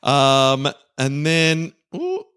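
A man's voice: on the high side, wildly swooping pitch, drawn-out words, fairly bright tone, clear, resonant tone. A man co-hosting a podcast, telling history in a laid-back, rambling way with plenty of ums and uhs. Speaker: podcast co-host, father. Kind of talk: casual history storytelling.

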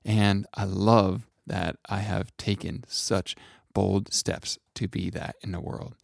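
Gravelly low-voiced male self-kindness coach. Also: little pitch movement, slow, no echo, studio quality. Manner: soft, intimate, addresses listener as friend. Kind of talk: gentle motivational monologue.

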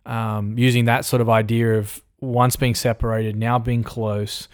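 A man who is a pastor, answering questions in a casual interview, thoughtful and halting, with many fillers. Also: medium pitch, little pitch movement.

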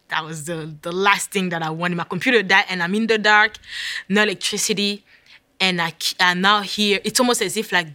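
Bright-voiced African woman telling a story. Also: on the low side, dry recording. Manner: vivid, dramatic retelling with hushed whispered asides. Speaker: guest. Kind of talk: storytelling in a conversation.

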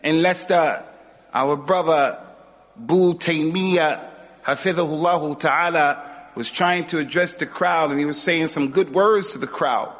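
In a mosque hall, an Islamic teacher gives an emphatic religious lesson, exhorting his listeners and acting out quotes. His voice is a little high and a bit bright, and he speaks unhurriedly. The sound is dull, with long hall reverb.

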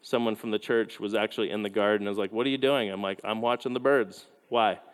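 A man preaching a youth sermon, telling stories with lively, quick asides. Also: fairly low pitch. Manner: animated storytelling with quick asides. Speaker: youth pastor. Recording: hall reverb.

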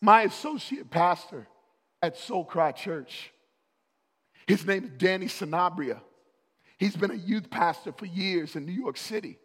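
A man preaching a sermon as a pastor, rising to loud, urgent peaks of emphasis. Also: high-pitched, lively intonation, measured pace, in a large hall.

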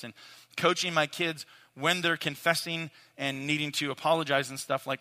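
Brisk and steady, his slightly high, sharp voice carries an earnest, casual sermon-style lesson on fatherhood and parenting. The man, likely in his thirties, addresses his listeners directly, and a long hall reverb fills the recording.

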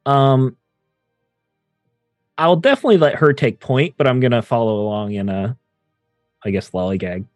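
A man's voice: medium pitch, moderate pace, long pauses, no room sound, soft background music. Man playing a tabletop game, dry sound. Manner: casual, brief in-character replies. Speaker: player.

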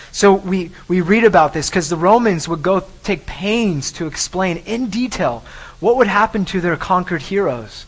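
A man's voice: a little high, fairly bright tone, poor audio. A man preaching a sermon, emphatic, often repeating and restarting phrases. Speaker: pastor.

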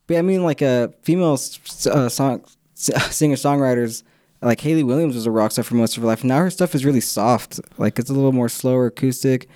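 A young man chatting casually on a podcast, his voice dark and mellow. He rambles, laughs a lot and loses his thread. The sound is dry and close. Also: mid-range voice, quick pace, dry recording. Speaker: podcast co-host. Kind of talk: casual chat.

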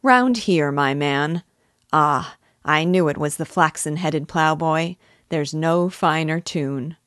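A woman voicing a hearty older country squire who speaks with loud patronage, in a read-aloud novel lesson. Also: sits low, moderate pace, dry recording, studio quality, close to an everyday voice.

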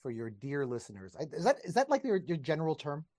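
A man's voice: on the high side, huge pitch swings, fast talker, crowd noise. A man, a podcast guest and teacher, explaining ideas in casual conversation with enthusiasm, wandering off on tangents and laughing as he talks, recorded over a video call.

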